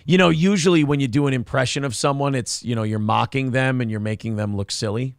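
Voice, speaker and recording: Gravelly sarcastic male show host. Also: medium pitch, fast, no room sound, clean studio sound. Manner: sarcastic, mocking. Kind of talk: casual chat.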